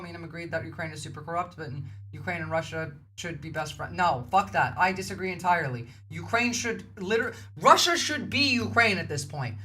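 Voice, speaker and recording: A woman's voice: medium pitch, a bit bright, slight background noise. A woman, giving blunt, heated livestream commentary and swearing freely. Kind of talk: casual reaction commentary.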